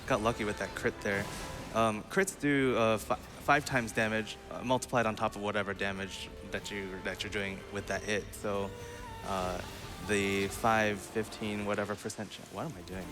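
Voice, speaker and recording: Low-voiced man, casual live speedrun commentary, game music playing. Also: fairly even intonation, normal speed. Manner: casual, chatty, laughs often. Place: live marathon event stage.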